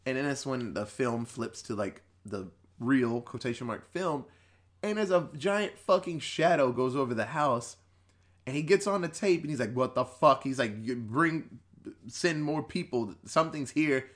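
Speaking at a medium pitch, slightly slow but animated, a man retells a horror film's plot on a podcast. His casual, profane storytelling wanders, acting out the characters' lines, with laughter between points.

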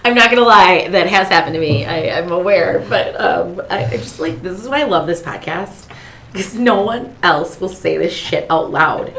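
A woman's voice: fairly low pitch, lively intonation, moderate pace, creaky, fairly bright tone, slight background noise. A woman podcast co-host in her thirties, chatting frankly and swearing freely. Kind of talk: casual chat.

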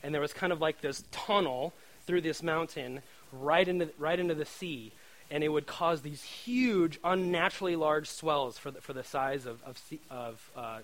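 Brief: male preacher, fairly high voice, casual joking sermon, animated, keeps checking in with "right?". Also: low-quality recording.

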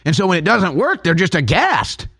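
A man's voice: high-pitched, wildly swooping pitch, moderate pace, creaky, fairly bright tone, breathy edge, dry recording, studio quality. A man hosting a commentary show, talking in a sarcastic, mocking way. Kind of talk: political commentary.

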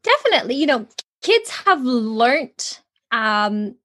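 A woman parenting coach answers interview questions in an earnest, explanatory way. She keeps giving examples from family life. Her voice is high and bright-pitched. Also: big pitch swings, takes it slowly. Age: adult mother.

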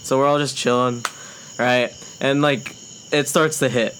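A man's voice: mid-range voice, steady tone, unhurried, a bit bright. A young man telling a long, swear-filled story in casual chat, often laughing and acting out what people said. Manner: laughs often, heavy swearing, acts out quotes. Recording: faint background noise.

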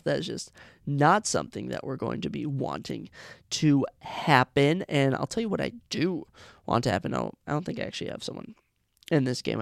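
Man, podcast host, casual solo chat, gravelly, dry close sound. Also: on the high side, no room sound. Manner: thinks aloud, restarts and corrects himself.

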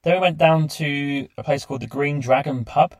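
A man's voice: a little high, normal speed, dry recording. A man hosting a travel podcast, telling his trip in a chatty, enthusiastic way. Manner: chatty, enthusiastic recounting with lists. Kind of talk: casual travel diary narration.

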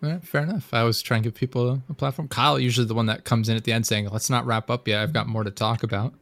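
A man's voice: medium pitch, steady tone, very fast, creaky, a bit bright, no echo. A man hosting a casual podcast chat, telling stories with many restarts and laughs. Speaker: podcast host.

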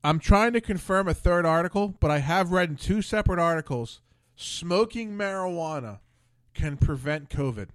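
A man's voice: high voice, expressive, normal speed, no echo. A man hosting a casual talk show, telling rambling, profane stories with many restarts. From Philadelphia area. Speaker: podcast host. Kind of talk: casual chat.

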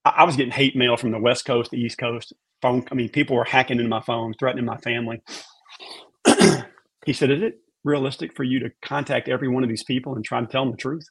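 A man with a slightly husky voice speaks earnestly about faith as a podcast guest. His pitch sits in the middle range, and he leans on repeated words for emphasis. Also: fairly even intonation, quick pace, fairly bright tone.

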